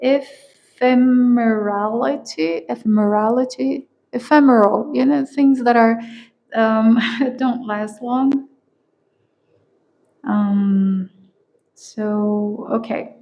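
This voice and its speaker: A tarot reader whose first language is not English, speaking slowly and searching for words, often laughing as she gives a collective reading. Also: on the high side, steady tone, creaky, dull audio.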